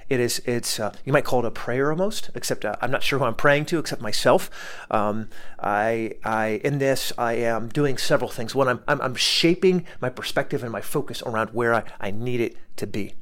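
A man's voice: medium pitch, normal speed, a bit bright. A man giving an earnest motivational talk, often repeating words and restarting his sentences. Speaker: motivational speaker.

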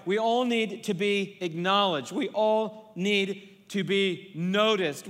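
A man's voice: sits high, bright, forceful tone, clear, resonant tone. A male pastor preaching a sermon in a large church, conversational and humorous, acting out little scenes. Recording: long reverb of a large hall.

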